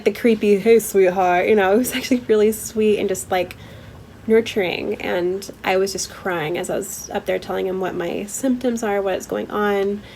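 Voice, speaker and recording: A woman's voice: mid-range voice, darkish tone, rough recording. Young adult woman, vlogger, emotional and teary, candid talk full of fillers, faint background noise. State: teary, holding back tears; stuffy from a head cold. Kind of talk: personal vlog storytelling.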